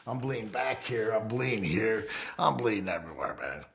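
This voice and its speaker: A middle-aged man, telling his story in an interview in a profane, animated way. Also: on the low side, moderate pace, creaky.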